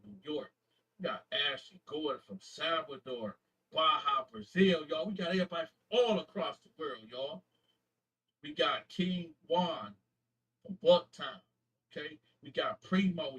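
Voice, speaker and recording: A man from Flint, Michigan, hosting his YouTube channel, casually shouting out viewers in slangy talk and stumbling over names as he corrects himself. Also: on the high side, husky, far from the mic, rough recording. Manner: slangy, halting name reading with self-corrections.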